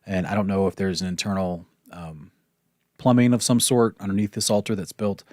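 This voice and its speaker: Male Bible teacher, low voice, dry close sound, loose conversational delivery with frequent restarts. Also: steady tone, fairly quick, darkish tone, no echo. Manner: conversational, thinks aloud with restarts and apologies. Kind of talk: casual Bible study lesson.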